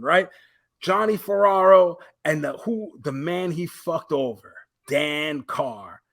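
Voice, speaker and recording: Profane, animated podcast co-host man. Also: high-pitched. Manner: profane, animated storytelling with quoted voices. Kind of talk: casual chat.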